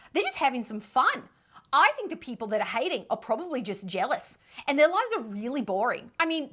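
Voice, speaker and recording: A woman's voice: sits high, fairly bright tone, full character voice. A woman imitating a breezy, defiant young Australian woman, with a put-on Australian accent.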